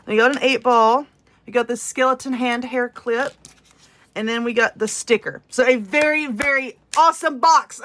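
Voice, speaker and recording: This crafting vlogger, speaking with a Southern US accent in a high-pitched, fairly bright voice, exclaims eagerly over her unboxed crafting items. It's an excited, casual unboxing chat.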